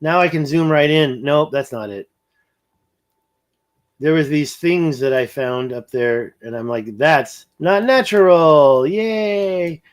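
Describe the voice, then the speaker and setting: A man's voice: medium pitch, a little slow, long pauses. A man hosting a casual livestream, thinking aloud as he pans over a map and reads viewer comments. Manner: rambling, thinking aloud, reading viewer chat. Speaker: livestream host.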